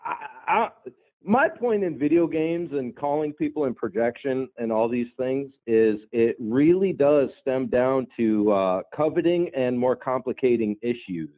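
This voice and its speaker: A man's voice: mid-range voice, expressive, unhurried, no echo. A male caller talking in rambling, filler-heavy casual chat over the phone. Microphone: phone line. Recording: tinny phone line.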